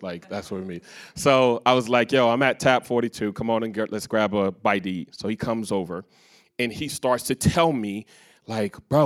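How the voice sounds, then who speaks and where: Guy preaching on a church stage, tells stories and acts out the back-and-forth. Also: mid-range voice. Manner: storytelling with quoted dialogue, varied loudness. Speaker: pastor. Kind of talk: sermon. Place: church stage before a live congregation.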